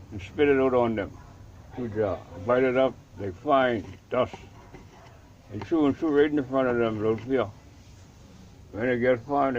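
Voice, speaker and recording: A man's voice: mid-range voice, darkish tone. An older man with a Bahamian accent, a Rastafarian elder telling a story from his life in a vivid, dramatic way and acting out the voices of the people in it. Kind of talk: storytelling in an interview. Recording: dull lo-fi recording with clear background noise.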